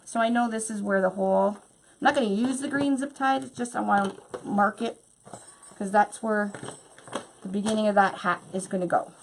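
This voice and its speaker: Casting: woman, craft demo host, bubbly running commentary, mid-pitch voice, faint background hiss. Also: moderate pace. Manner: chatty, bubbly, talks while working. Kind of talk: hands-on craft demonstration.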